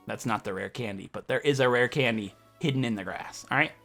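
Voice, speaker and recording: Excitable, bright-voiced man on gameplay commentary. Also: mid-range voice, normal speed, creaky, faint music behind. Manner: excitable and jokey, with mock game-show announcing. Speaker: let's play host.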